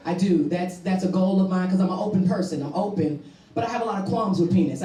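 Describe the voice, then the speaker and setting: A woman doing a bawdy stand-up comedy set on stage, with loud punchlines. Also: mid-range voice, lively intonation, quick pace. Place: stage before a live audience. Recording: roomy, distant mic with crowd laughter. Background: audience laughing.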